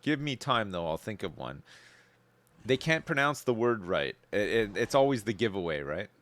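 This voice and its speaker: Laid-back Canadian man with a low, lively voice. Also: normal speed. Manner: rambling, laid-back, swears freely, chuckles often. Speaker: streamer. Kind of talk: casual live-stream chat while gaming.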